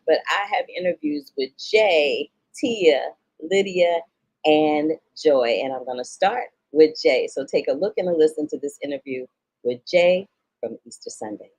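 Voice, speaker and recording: A woman's voice: low voice, creaky, a little mellow, slightly rough, low-quality recording. A woman from St. Louis, Missouri, hosting a casual film review podcast, talking emphatically with slangy asides to her listeners. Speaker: film critic and podcast host.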